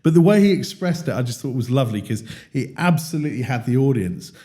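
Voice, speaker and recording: A British man hosts a leadership conversation and tells animated stories. He slips into acted-out quotes as he goes. His voice is mellow and dark in tone. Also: mid-range voice, fast. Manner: animated storyteller, acts out quotes. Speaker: podcast host. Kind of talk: casual conversation.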